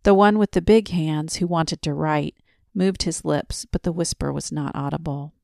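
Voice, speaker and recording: A woman reading a story slowly and quietly as a bedtime narration. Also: sits low, steady tone, creaky, no room sound, clean studio sound. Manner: slow, soft and quiet.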